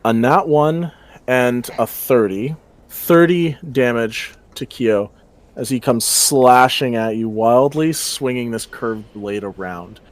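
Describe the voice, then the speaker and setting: A man narrating a tabletop game as its dungeon master, at a middle pitch. He describes the fights with animated delivery and breaks into laughter as he goes. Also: slow.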